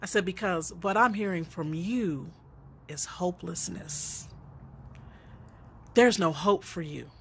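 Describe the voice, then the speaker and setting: A woman's voice: on the low side, takes it slowly, creaky, pauses often, breathy edge. A middle-aged woman telling a personal story in a reflective way, often laughing as she speaks.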